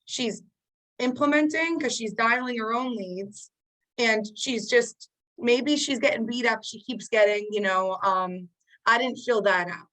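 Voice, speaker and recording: A woman's voice: fairly high pitch, measured pace, a bit bright, poor audio. Upbeat woman coaching sales agents. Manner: casual, upbeat coaching with frequent fillers. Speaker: sales trainer. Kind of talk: training call. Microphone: video call.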